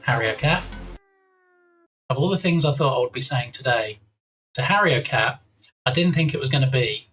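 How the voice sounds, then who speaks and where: Chatty stream host, lively sing-song delivery, casual and playful; faint music underneath. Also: medium pitch, moderate pace, long pauses. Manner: chatty and playful, reads out viewer names. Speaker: livestream host. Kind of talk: casual live-stream chat, thanking viewers.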